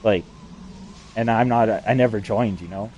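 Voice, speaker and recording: A man talking in a rambling, heavily profane monologue that climbs higher when he gets worked up. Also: moderate pace, highs cut off, slight background noise. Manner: excitable, voice climbs when agitated.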